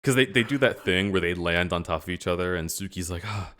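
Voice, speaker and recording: Low-voiced man ranting on a stream. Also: fast talker. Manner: animated retelling, acting out quoted characters, frequent laughs. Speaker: livestream host. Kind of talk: casual chat.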